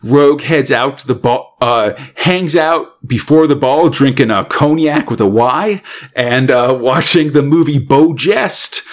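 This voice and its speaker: A man with a medium-pitched voice hosts a casual podcast chat at a slightly slow pace. He rambles through a recap of a comic story, with lots of fillers and laughter.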